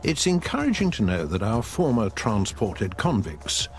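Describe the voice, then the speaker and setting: A man's voice: lowish voice, huge pitch swings, moderate pace. A man giving wry, sardonic scripted narration.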